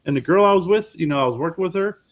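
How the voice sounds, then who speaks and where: A man on the high side of the pitch range races through his stories as a podcast co-host. He's animated and casual, acting out the voices of the people he quotes.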